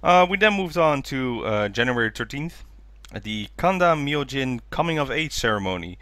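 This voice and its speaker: Bright-voiced man recapping a documentary. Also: very animated, normal speed, dry recording. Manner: enthusiastic, acts out quotes in high voices. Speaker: podcast co-host. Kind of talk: casual chat recapping a documentary.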